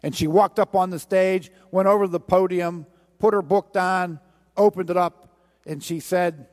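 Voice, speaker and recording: A man's voice: sits high, fairly even intonation, moderate pace, a little mellow. A man preaching a sermon, telling a parable with a rhythmic, repetitive storytelling cadence. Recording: long hall reverb.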